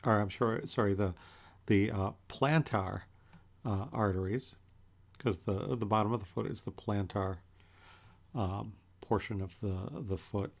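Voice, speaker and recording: A man teaching an anatomy lecture in a relaxed, conversational way as he points through pictures. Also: fairly low pitch, gravelly. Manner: relaxed and conversational, with many fillers and pauses. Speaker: anatomy instructor.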